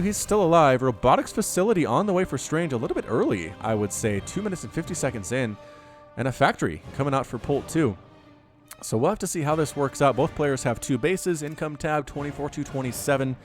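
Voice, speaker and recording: A man's voice: mid-range voice, animated, brisk, soft background music. A man doing upbeat, jokey solo commentary on a strategy video game, recorded close on a desk mic at home.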